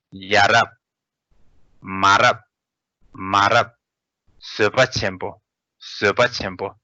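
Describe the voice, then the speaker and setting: A man teaching a language lesson, saying each vocabulary word twice in a patient, steady way. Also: mid-range voice, no echo, muffled recording.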